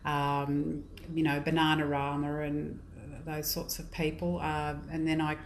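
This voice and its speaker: A woman's voice: sits low, completely flat delivery, measured pace, a little hiss or hum, poor audio. A woman in her forties with an Australian accent, chatting casually as a radio guest, laughing easily and filling with "um". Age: 40s. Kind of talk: casual radio interview chat.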